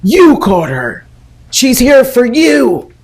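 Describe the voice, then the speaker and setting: A man voicing a yelling old witch spirit. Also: a little high, sing-song, takes it slowly, husky, voice pushed up, full character voice. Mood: accusing. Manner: insistent, repeating accusations.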